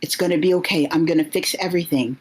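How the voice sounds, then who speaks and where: Woman as a soft protective mother. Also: sits low, fast, breathy edge, low-quality recording. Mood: tender. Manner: soft, reassuring, pleading. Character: loving, protective mother of a child.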